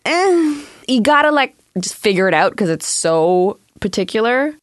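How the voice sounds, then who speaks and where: A woman guest on a podcast, telling stories in a lively, animated way. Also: on the high side, a little slow, no echo, clean studio sound. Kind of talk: casual podcast chat.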